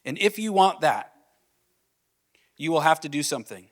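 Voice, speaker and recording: A man's voice: a little high, lively intonation, normal speed. Earnest man preaching a sermon. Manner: earnest, builds with rising questions then drops soft. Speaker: pastor.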